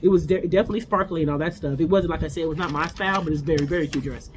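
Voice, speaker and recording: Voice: mid-range voice, racing. This host chats through a reality TV recap in a mid-range voice, rambling and opinionated, with lots of stops and restarts. A faint hum of background noise sits under the talk.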